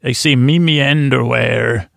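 Man, podcast host, creaky lulling voice, silly meandering monologue, dead dry closet recording. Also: mid-range voice, fairly even intonation, a little slow, fairly bright tone, no echo. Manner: meandering, goofy, full of restarts and asides. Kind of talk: rambling bedtime podcast monologue.

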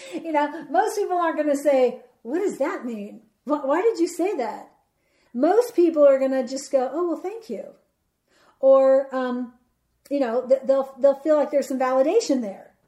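A woman hosting a solo podcast, talking earnestly with many pauses, fillers and restarts. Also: sits high, mellow. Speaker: podcast host. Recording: roomy echoey sound.

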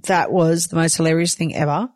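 A woman's voice: low voice, fairly even intonation, fairly quick, a little mellow, dry recording. A woman with an Australian accent, a reality show cast member talking candidly and emphatically in a confessional, with casual swearing.

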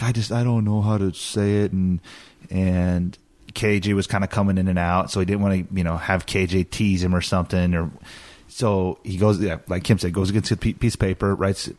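Deep-voiced calm man reflecting. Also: no echo. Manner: calm, reflective, many restarts. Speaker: podcast co-host, father. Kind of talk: casual chat.

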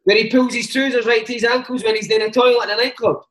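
A man hosting a casual chat, with eager, chummy and quick reactions. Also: very high voice, fairly even intonation, a bit bright.

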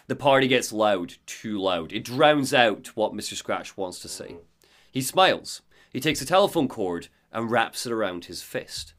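A man's voice: fairly low pitch, animated, unhurried, fairly bright tone. A man hosting a podcast, recapping a game in a joking, casual way. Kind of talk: casual chat.

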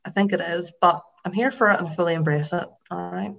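A woman's voice: lowish voice, steady tone, quick pace, creaky, fairly bright tone, highs cut off. A woman co-hosting a podcast in casual chat, rambling with lots of fillers and the odd swear word. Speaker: podcast co-host.

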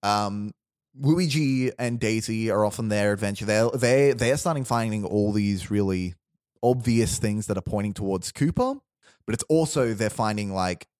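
Man, low voice, dry close sound, rambling storyteller among friends. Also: darkish tone, no echo. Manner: rambling, restarts, quotes characters in low voice. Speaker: storyteller pitching a movie plot. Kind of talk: casual chat.

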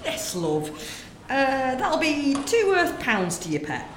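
A woman's voice: high-pitched, huge pitch swings, slow pace, a little hiss or hum, pitched above the performer's own voice, heavily acted. Lady playing a nosy shop lady, bouncy sing-song voice, roomy. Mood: gossipy. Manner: chatty, nosy and cheeky. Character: gossipy middle-aged northern shopkeeper woman. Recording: roomy room sound.

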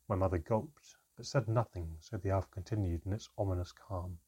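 A man reads a first-person fantasy storybook aloud in a measured, expressive way. His voice sits low with a husky texture. He narrates steadily and colors the tense moments. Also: highs cut off.

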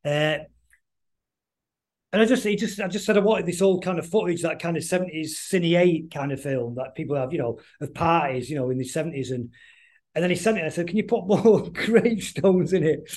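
A middle-aged man talks quickly and loosely as a guest on an interview podcast. His voice sits a little high for a man. He rambles, trips over his words and keeps restarting his sentences. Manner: rambling, halting, many restarts. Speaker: guest musician. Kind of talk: casual interview chat.

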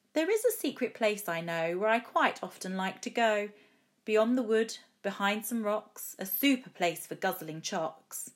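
Woman reading a comic poem with expression. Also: mid-range voice. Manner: lively, expressive rhythmic reading. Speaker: teacher.

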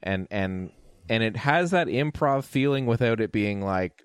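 A man casually reviewing a film with a friend, animated, laughing often and swearing. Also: fairly low pitch, measured pace, clean tone, dry recording, clean studio sound. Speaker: podcast co-host. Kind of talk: casual movie review chat.

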